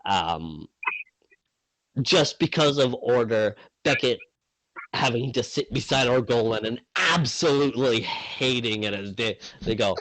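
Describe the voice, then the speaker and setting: A man running a tabletop game as game master, narrating in an improvised, relaxed way with many fillers and restarts. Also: medium pitch, a little slow, slight background noise, poor audio.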